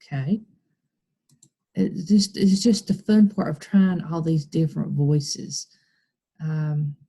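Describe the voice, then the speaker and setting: A woman's voice: low voice, darkish tone, breathy edge. An American woman teacher patiently walking children through a recorded screen tutorial, step by step.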